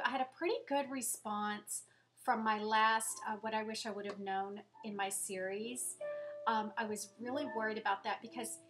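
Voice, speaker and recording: A woman's voice: a little high, fairly bright tone. A woman vlogging at home in a casual, rambling and chatty way, poking fun at herself as she goes. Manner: rambling, chatty, self-deprecating. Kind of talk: casual chat to camera.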